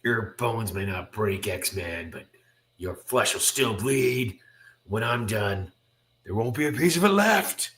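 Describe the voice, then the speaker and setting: A man voicing a brutal male mutant brute in a comic read-through, shouting gloating threats. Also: fairly low pitch, expressive, slow pace, slight background noise. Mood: savage.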